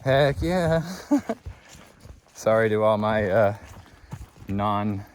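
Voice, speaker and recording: A man's voice: on the low side, extremely slow, slight background noise. A man vlogging outdoors on a long wilderness hike, telling a story with lots of laughter and acting out the other people in it. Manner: excitable, laughs often, acts out both sides of a story. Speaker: thru-hiker vlogger. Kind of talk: casual storytelling to camera.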